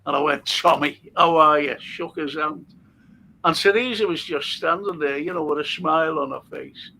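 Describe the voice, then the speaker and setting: This host is an older Liverpudlian man who shares stories, reads out viewer comments, and laughs frequently in a relaxed chat. He speaks at a normal pace in a fairly high voice with vocal fry, sounding pushed and bright, and there's a faint hiss or hum.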